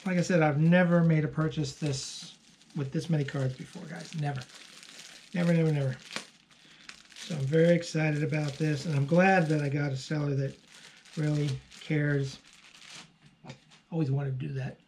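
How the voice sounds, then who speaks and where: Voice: mid-range voice, fairly even intonation, normal speed, long pauses, darkish tone, slight background noise. An online postcard seller hosting a casual unboxing video, chatting and gushing over each card with frequent fillers.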